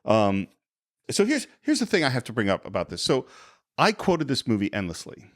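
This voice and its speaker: A man's voice: medium pitch, wildly swooping pitch, normal speed, a bit bright, no echo, clean studio sound. A man co-hosting a film podcast, talking enthusiastically and thinking aloud, often repeating words. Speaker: podcast co-host. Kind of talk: casual film podcast chat.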